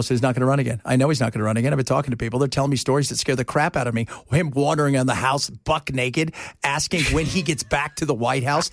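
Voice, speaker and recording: A fast-talking talk radio host with a medium-pitched voice comes through in a dry, clean studio recording. He banters casually, tells animated stories, and breaks into silly voices and laughter.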